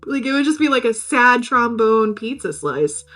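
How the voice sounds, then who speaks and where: A woman hosting a podcast, recapping a film in a casual, sweary, animated way. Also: a little high, normal speed. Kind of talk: casual chat.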